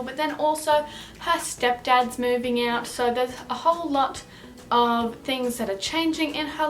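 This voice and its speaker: Chatty Australian woman, higher voice. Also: a bit bright. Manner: chatty, upbeat, rambling with fillers. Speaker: book vlogger. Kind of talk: casual book review vlog.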